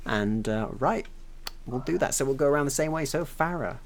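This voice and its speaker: A game master narrating a tabletop game in a relaxed way, laughing often and making little sound noises. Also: medium pitch, normal speed.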